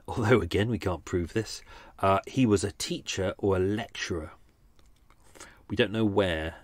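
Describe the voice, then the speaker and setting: Rambling man, low dry voice. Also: dry recording. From England. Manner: rambling, many restarts and fillers; chatty quiz-giving. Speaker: podcast host. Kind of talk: casual unscripted chat.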